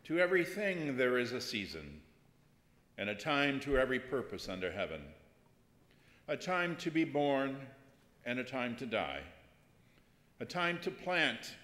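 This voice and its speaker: A man reading scripture aloud to a church congregation in a measured, rhythmic way. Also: mid-range voice, very animated, a bit bright. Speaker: scripture reader. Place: church sanctuary. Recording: echoey church hall with long reverb.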